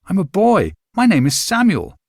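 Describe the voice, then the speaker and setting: A man's voice: mid-range voice, sing-song, moderate pace, a little mellow, no room sound, studio quality, pitched above the performer's own voice. A man voicing a tearful, earnest nine-year-old boy in an audiobook, speaking in a raised, eager way. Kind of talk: audiobook character voice.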